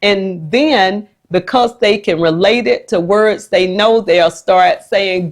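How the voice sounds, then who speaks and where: A woman who is a special education teacher, explaining a phonics technique to the camera in a patient, measured way. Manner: slow, warm and patient, with lively jumps in pitch when acting out the classroom.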